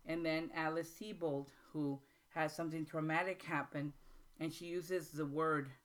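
A woman hosting a writing workshop, explaining in an informal, halting way with frequent pauses and restarts, and reading passages aloud slowly. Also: low-pitched, fairly even intonation. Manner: reads excerpts aloud slowly. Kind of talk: informal teaching talk.

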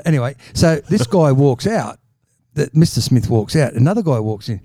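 A man's voice: medium pitch, lively intonation, brisk, mellow, no echo, studio quality. A middle-aged man with an Australian accent, telling long rambling jokes in a casual chat and stumbling over repeated words. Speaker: podcast regular telling jokes.

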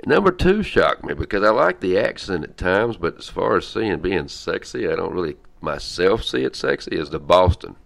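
This is a man, hosting a podcast in a loose, rambling chat. His voice sits very low and carries a gravelly fry, and he stops and restarts with plenty of fillers. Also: sing-song. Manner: rambling, halting, with many fillers. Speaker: podcast host. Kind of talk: casual chat.

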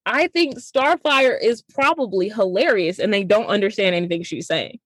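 A woman co-hosting a podcast, recapping a movie in casual chat and acting out the characters' lines in quick voices. She is slangy and swears freely. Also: medium pitch, breathy edge, no room sound. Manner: animated, acts out characters' lines in quoted voices; slangy and profane. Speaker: podcast co-host.

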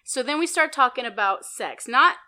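A young woman tells a dating horror story on a podcast, her voice lively and swinging widely in pitch. Her tone is bright and high-set. She swears freely and drops into a low murmur to imitate her date. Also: moderate pace. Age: young adult. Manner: animated, profane, mimics a mumbling date in a low murmur. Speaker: podcast co-host. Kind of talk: casual storytelling chat.

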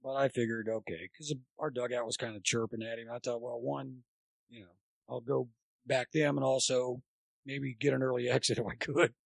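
A man, a former college baseball coach, chatting as a guest and telling long, animated anecdotes. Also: medium pitch, normal speed, vocal fry, no room sound. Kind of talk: rambling anecdotal storytelling.

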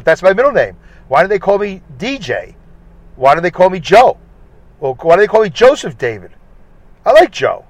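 A man's voice: sits high, very animated, moderate pace, long pauses, no room sound, poor audio. A middle-aged man hosting a casual solo podcast, ranting and complaining irritably from his truck cab. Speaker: podcast host.

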